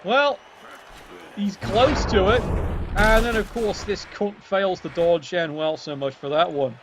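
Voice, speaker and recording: Brief: a male caster calling a video game match, dry and jokey, with a raised pitch. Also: a little slow, heavy background noise. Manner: wry, jokey, swears freely. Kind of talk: casual play-by-play commentary.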